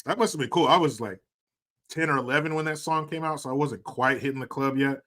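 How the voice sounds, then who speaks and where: A man's voice: mid-range voice, fast, fairly bright tone. A man in his forties hosting a live stream, casually chatting and reading out viewer comments in a jokey, profane way, laughing often. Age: 40s.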